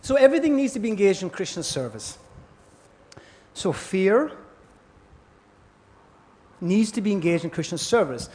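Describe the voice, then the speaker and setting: Man, high voice, lecturing on scripture and acting out parable voices in a lively way. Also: normal speed, pauses often. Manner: storytelling, acts out voices in parables. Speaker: class speaker. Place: temple hall.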